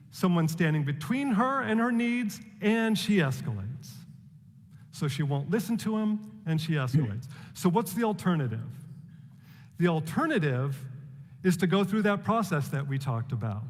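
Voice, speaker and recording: A man giving a prepared public talk, measured and deliberate, asking rhetorical questions. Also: high voice, big-room sound.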